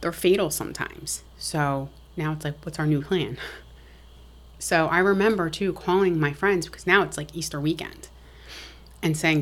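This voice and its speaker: A middle-aged woman with a low-pitched voice tells a family story as a podcast guest, speaking at a normal speed. Her tone is frank and matter-of-fact, in the style of casual interview talk.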